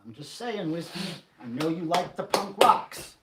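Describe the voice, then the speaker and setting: A man hosting a casual livestream, telling a rambling, animated story. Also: a little high, normal speed, roomy sound, very noisy. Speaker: livestream host.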